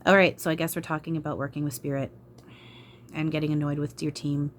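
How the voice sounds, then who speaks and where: A woman's voice: low voice, flat delivery, fast, slight background noise. A woman channeler talking to camera in an emotional vlog, frustrated, sighing and swearing. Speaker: spiritual channeler.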